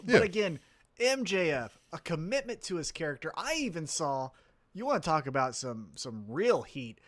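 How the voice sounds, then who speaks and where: Podcast co-host, male, higher voice, swings up and down a lot, swears and laughs. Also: moderate pace. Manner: animated, swears freely, laughs often. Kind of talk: casual wrestling chat.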